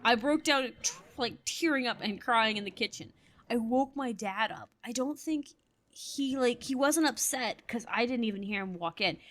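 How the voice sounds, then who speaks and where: A woman's voice: on the high side, normal speed, fairly bright tone. Chatty woman rambling over gameplay. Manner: rambling, chatty storytelling with frequent laughter. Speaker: gamer. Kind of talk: casual gameplay commentary.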